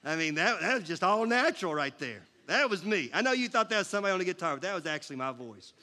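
A man preaching a sermon as a pastor, with a jokey, conversational delivery that turns animated. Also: high-pitched, fast talker.

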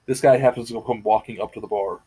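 A man's voice: on the low side, steady tone, quick pace, warm tone, breathy edge, rough recording. A man hosting a podcast in casual chat, telling rambling, profane stories. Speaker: podcast host.

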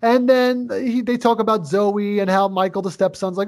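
A man's voice: high-pitched, steady tone, normal speed, hardly any pauses, darkish tone. A man co-hosting a podcast, casually retelling a movie plot with constant swearing and rambling asides. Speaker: podcast co-host. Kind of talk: casual movie review chat.

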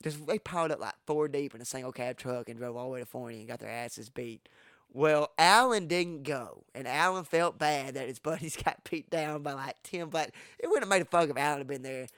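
A man from Texas, telling stories in casual podcast talk, profane and animated, acting out what people said with sudden loud jumps. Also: medium pitch, brisk, clear, resonant tone, no echo, clean studio sound. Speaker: podcast host. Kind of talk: casual storytelling.

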